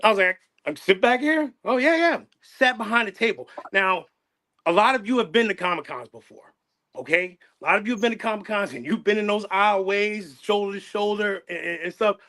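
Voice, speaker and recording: Pria bersuara tinggi dan cerah, bicara penuh perasaan. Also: male voice, sits high, fairly quick, bright, forceful tone. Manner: passionate, repeats phrases, many restarts. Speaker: channel host. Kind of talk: emotional casual chat.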